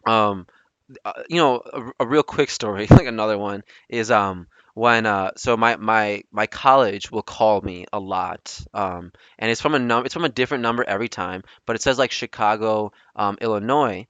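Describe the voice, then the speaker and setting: A man's voice: fairly low pitch, normal speed, a bit bright, smooth, no echo, lo-fi sound. A young man hosting a casual storytelling podcast, rambling with lots of ums and restarts. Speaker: podcast host.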